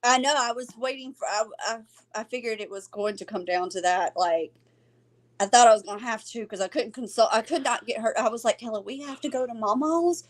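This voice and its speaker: Here a middle-aged woman, a podcast co-host, chats casually through a family story at a brisk clip, her voice a little high. Animated, she performs the voices of the people she quotes and often breaks into laughter.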